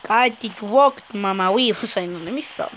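A woman gamer giving excitable let's play commentary, swearing, yelping and muttering at the game. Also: medium pitch, moderate pace, slight background noise, poor audio.

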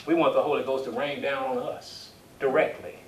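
A man with a medium-pitched, steady voice preaches at a normal speed, reading scripture in King James wording and calling on his congregation for amens in call-and-response. The recording comes from an echoey church hall with a distant mic and faint hiss.

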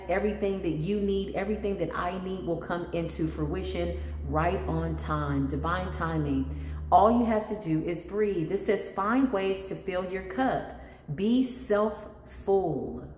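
A woman, an intuitive spiritual practitioner, telling her story animatedly in a vlog and slowing down to give soothing spiritual advice. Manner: animated, acts out callers in jumpy high voices; slow and soothing when giving spiritual advice. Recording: echoey room with long reverb and faint noise.

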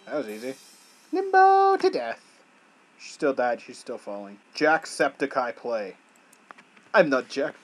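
A man doing gameplay commentary as a gaming YouTuber, swinging between yelling at the game and muttering to himself. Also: medium pitch, normal speed, soft background music, poor audio.

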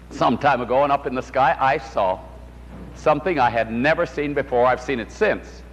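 An older man preaching a sermon with fervent delivery, rising sharply in pitch on key words and asking rhetorical questions. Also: long reverb tail, poor audio.

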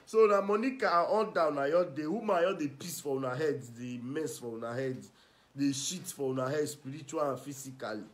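A man with a Nigerian Pidgin accent giving ranting, mocking gossip commentary, scolding and swinging between loud and soft. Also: on the high side, fairly quick. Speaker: online commentator.

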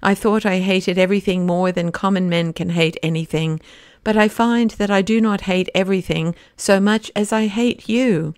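A woman's voice: mid-range voice, fairly even intonation, moderate pace, a little mellow, clean tone, no echo, clean studio sound, lightly acted. A woman reading the part of a bitter, defiant male anarchist in an audiobook, restrained at first and then fiercely accusing. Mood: menacing.

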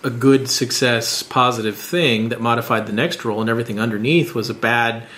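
A man co-hosting a casual podcast, talking in a thoughtful, measured way about game rules. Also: medium pitch, fairly even intonation, a bit bright. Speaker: podcast co-host. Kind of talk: casual podcast chat about tabletop games.

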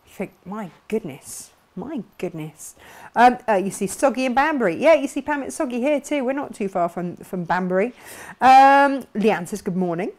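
A woman hosting a craft live stream, chatting brightly and reading out viewer comments with frequent laughs. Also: fairly high pitch, expressive, a little fast, hardly any pauses. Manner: bubbly, chatty, laughs often.

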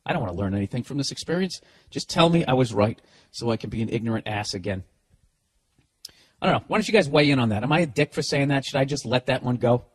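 A man's voice: medium pitch, lively intonation, fast talker. A middle-aged man hosting a podcast, delivering a profane, sarcastic, rambling comedic rant. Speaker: podcast host. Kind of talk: ranting comedic monologue.

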